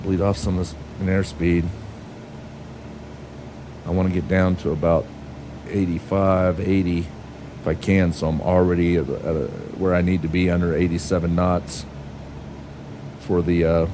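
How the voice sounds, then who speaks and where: A man's voice: deep voice, flat delivery, normal speed, pauses often, noisy background. A man commentating on his flight sim play in a sarcastic, frustrated rant with frequent swearing. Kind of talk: casual game commentary.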